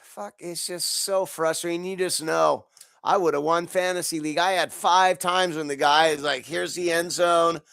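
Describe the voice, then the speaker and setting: A man's voice: on the high side, fairly even intonation, normal speed, vocal fry, a bit bright, no echo, clean studio sound. A man hosting a podcast, ranting about football in a profane, exasperated way, congested from allergies. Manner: angry, profane, exasperated, laughs in bursts. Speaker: podcast host. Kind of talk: profane sports rant.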